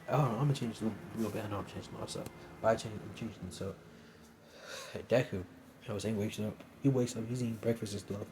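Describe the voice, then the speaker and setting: A man's voice: on the low side, fast, noisy background. A young man casually improvising a fan story, rambling with lots of fillers. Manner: rambling, filler-heavy, says "you know what I'm saying" often.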